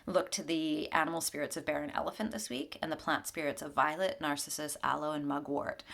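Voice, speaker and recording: A woman with a low voice and a gravelly creak talks through a weekly tarot reading at her home altar. She keeps it gentle and chatty, breaking into easy laughter. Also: fairly quick, hardly any pauses. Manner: gentle, conversational, laughs often. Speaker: spiritual mentor.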